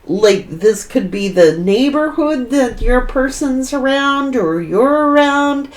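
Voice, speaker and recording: Slow, rambling woman tarot reader. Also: sits high, animated, recorded from a distance. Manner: rambling and repetitive, thinking aloud. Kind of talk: tarot reading monologue.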